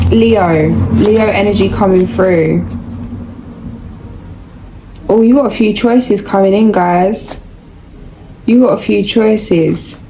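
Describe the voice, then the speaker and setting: A woman's voice: mid-range voice, slow, long pauses, mellow, slight background noise, rough recording. A young woman giving a casual, rambling tarot reading, chatty and full of slang. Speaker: tarot reader.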